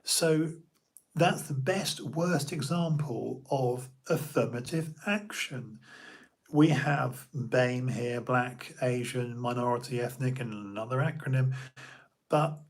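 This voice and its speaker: A man's voice: mid-range voice, slow. A middle-aged man, a personal trainer giving an opinionated, rambling monologue full of restarts and asides on his own show. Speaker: podcast host and personal trainer.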